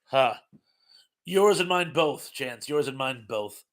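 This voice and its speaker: A man's voice: mid-range voice, lively intonation, slow. A middle-aged man hosting a casual live-stream trivia chat, reading out quiz questions and viewer comments, chatty and self-mocking, laughing often and stumbling over his words.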